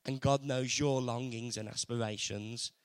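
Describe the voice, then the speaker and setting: A man preaching a sermon earnestly, moving between loud emphasis and hushed, intimate passages. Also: mid-range voice, steady tone, unhurried. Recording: long hall reverb.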